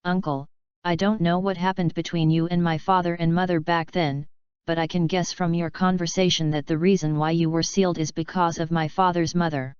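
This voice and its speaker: A woman's voice: lowish voice, little pitch movement, fairly quick, clean tone, dry recording, close to an everyday voice. A woman reading the lines of an earnest, cheerful young male hero, plain-spoken. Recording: slightly dull lo-fi recording.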